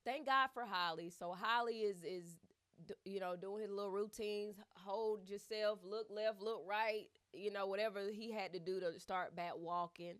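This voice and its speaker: A woman's voice: medium pitch, moderate pace. A woman giving a casual, chatty commentary, retelling a story with lots of fillers and asides. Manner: chatty and animated, with many fillers.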